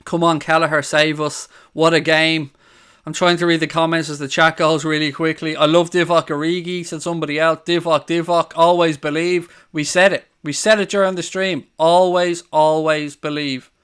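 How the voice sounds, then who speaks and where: A man hosting a live football watchalong, excitable, swearing and shouting over the action. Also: fairly high pitch, a little fast, clean tone. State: out of breath. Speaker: watchalong host.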